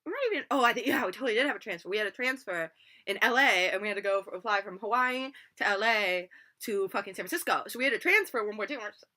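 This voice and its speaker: A woman's voice: mid-range voice, expressive, fast, sharp tone. A young woman in her twenties telling a rambling storytime, full of swearing and filler words, recorded on a laptop microphone. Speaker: vlogger. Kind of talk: storytime vlog. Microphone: laptop built-in mic.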